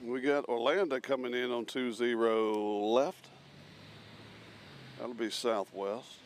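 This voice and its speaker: A man's voice: mid-range voice, steady tone, slow pace, a little hiss or hum. A man hosting a live planespotting stream outdoors near an airport, chatting casually and reading out viewer messages. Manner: chatty, reads out chat messages. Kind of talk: casual commentary while planespotting.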